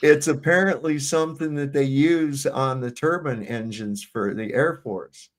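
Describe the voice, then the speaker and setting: A man spins old army stories in a loose, rambling way, swearing freely and restarting his sentences as he goes. His voice sits at an ordinary middle pitch, with nothing unusual in its tone. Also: unhurried, very noisy. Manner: rambling, profane, frequent restarts. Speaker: military veteran telling stories on a panel. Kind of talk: casual storytelling chat.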